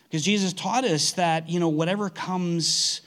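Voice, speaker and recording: A man's voice: high voice, fairly even intonation, normal speed, fairly bright tone. A man preaching a conversational sermon, earnest, often restarting his sentences. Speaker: pastor.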